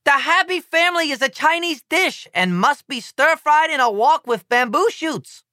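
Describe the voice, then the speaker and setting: A man's voice: very high-pitched, lively intonation, normal speed, sharp tone, no room sound, clean studio sound, pitched above the performer's own voice, heavily acted. A man playing a pompous male ambassador.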